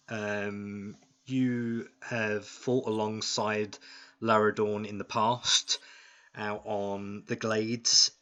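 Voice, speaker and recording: A man running a tabletop game, speaking very slowly with a bright, forceful tone. He halts and restarts often, heard on a dull lo-fi recording. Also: fairly low pitch. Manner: halting, many fillers and restarts. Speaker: game master. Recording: dull lo-fi sound.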